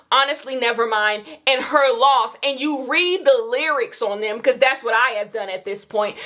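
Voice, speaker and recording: Blunt, high-voiced woman ranting casually. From Kenya. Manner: blunt, animated, swearing, rhetorical questions. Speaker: podcast co-host. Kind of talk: casual opinionated chat.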